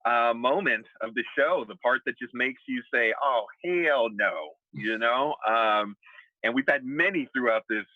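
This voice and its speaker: A man's voice: medium pitch, normal speed, no room sound, phone-quality sound. A man co-hosting a casual TV aftershow, laughing often and acting out characters' lines as he recaps. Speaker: aftershow co-host.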